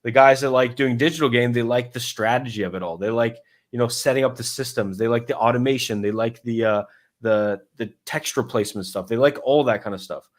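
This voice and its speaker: A man's voice: medium pitch, brisk. A man talking loosely through his coaching method as a dating coach, with lots of fillers and restarts, acting out his own thoughts as quotes. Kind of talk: casual explanatory talk.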